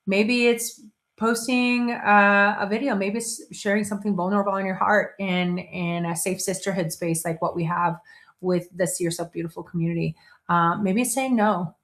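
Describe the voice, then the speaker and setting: A woman's voice: medium pitch, a bit bright. Middle-aged woman host, casual motivational talk, conversational with frequent restarts. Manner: conversational, with self-interrupting restarts and playful quoted voices.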